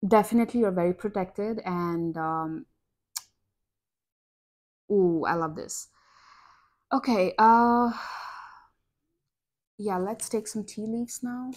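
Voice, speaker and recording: A young woman giving a collective tarot reading, talking to viewers in an excitable way that is full of exclamations. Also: mid-range voice, a little slow, long pauses. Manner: excitable, exclaiming, breathy gasps and laughs. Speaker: tarot reader.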